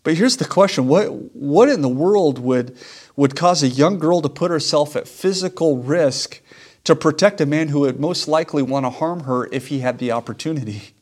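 A man's voice: on the high side, moderate pace, darkish tone. A man preaching a sermon as a pastor, earnest and emphatic, repeating key lines for weight.

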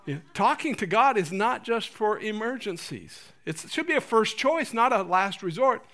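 Male pastor, high bright voice, lively sermon delivery with humor and mock voices. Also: moderate pace. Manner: animated, laughing, acting out prayers in funny voices.

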